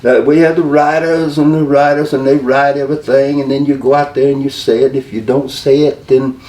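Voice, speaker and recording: A man doing a drawling, high-pitched wrestling booker. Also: steady tone, fairly quick, darkish tone, lightly acted. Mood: breezy. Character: laid-back middle-aged male wrestling booker, calls people baby. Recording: distant, echoey room with faint hum.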